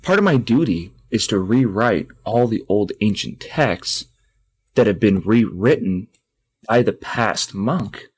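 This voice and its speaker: An earnest young monk with a polite, chatty manner and a lowish voice, put on by a man telling a joke. He speaks like an ordinary guy. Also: animated, slow, husky, full character voice. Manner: casual, chatty phrasing.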